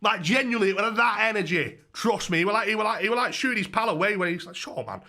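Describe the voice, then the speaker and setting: Young streamer, excitable, profane storyteller, slightly high, bright, punchy voice. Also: male voice, quick pace. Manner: profane, excitable, rambling with many restarts. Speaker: YouTuber streamer. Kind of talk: casual storytelling on a livestream.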